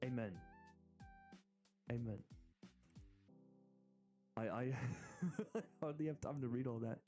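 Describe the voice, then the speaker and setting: An American man streaming, chatting casually and excitedly in rambling asides. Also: mid-range voice, moderate pace, soft background music. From United States. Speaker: VTuber streamer. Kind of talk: casual live-stream chat.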